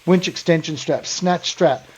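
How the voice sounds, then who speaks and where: A man's voice: on the high side, a little slow, breathy edge, low-quality recording. A man in his forties with an Australian accent, co-hosting a podcast in blunt, sweary casual chat, calling people mate and brother. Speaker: podcast co-host.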